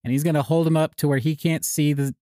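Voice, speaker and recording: A man co-hosting a podcast, chatting casually and reacting with animated remarks. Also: on the high side, fast talker, no echo, studio quality. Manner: laughs easily, animated. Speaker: podcast co-host. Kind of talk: casual chat.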